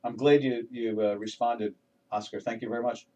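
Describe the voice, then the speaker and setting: A man's voice: medium pitch, steady tone, normal speed, darkish tone, distant mic, muffled recording. An older man hosting a live trading webinar, talking through charts in a folksy, rambling way with many restarts and fillers. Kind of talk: casual live market commentary.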